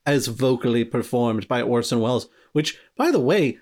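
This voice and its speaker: A man's voice: medium pitch, lively intonation, normal speed, darkish tone. A man co-hosting a podcast, asking curious questions and often starting his sentences over. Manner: curious, hesitant restarts. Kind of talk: casual chat.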